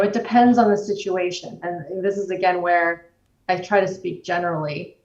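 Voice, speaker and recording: A woman guest explaining the nervous system in a measured way, using everyday examples. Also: mid-range voice. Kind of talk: explanatory conversation. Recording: roomy, distant, dull-sounding recording.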